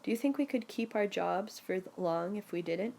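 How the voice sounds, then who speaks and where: A woman voicing a knowing male hotel doorman who talks in a hushed, confiding way. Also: mid-range voice, animated, moderate pace, vocal fry, slight background noise.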